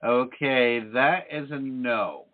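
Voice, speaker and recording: A man hosting a psychic call-in radio show, speaking in a calm, measured way and often checking in with "okay?". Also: mid-range voice. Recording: phone-like radio audio.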